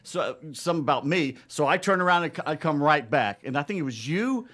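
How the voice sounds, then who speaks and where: A man's voice: a little high, lively intonation, fairly quick, a bit bright. A man telling a story in casual chat as a guest, with dry quips. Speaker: talk radio host guest.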